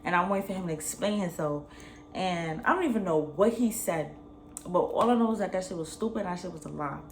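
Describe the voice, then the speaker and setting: A young adult woman, telling a personal story in a slangy, animated way. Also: on the low side, brisk, a little hiss or hum. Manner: animated, slangy retelling, acts out both sides. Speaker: vlogger. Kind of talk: casual storytime.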